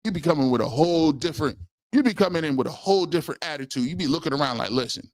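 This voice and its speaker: A man's voice: on the high side, lively intonation, very fast, a little mellow, dry recording, clean studio sound. A man in his forties hosting a live sports talk stream, telling comic stories and acting out the voices of the people in them. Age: 40s. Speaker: sports talk show host.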